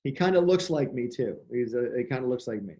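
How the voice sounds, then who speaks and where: A man's voice: medium pitch, expressive, quick pace, mellow. A man hosting a casual chat, playfully quizzing his guest with trivia questions. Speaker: host.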